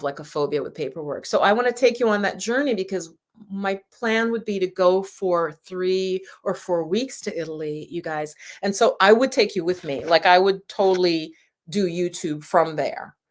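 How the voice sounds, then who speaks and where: A woman hosting a live stream for her channel, chatting casually with viewers in a rambling, laughing way. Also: low voice. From United States. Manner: chatty and warm, with frequent laughs and rambling asides. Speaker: YouTube channel host.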